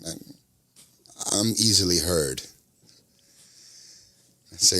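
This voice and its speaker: Young guy telling a story on a podcast, voice jumps all over, bright and punchy. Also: moderate pace. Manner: animated, acts out customers in high voices. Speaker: podcast co-host. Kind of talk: casual storytelling chat.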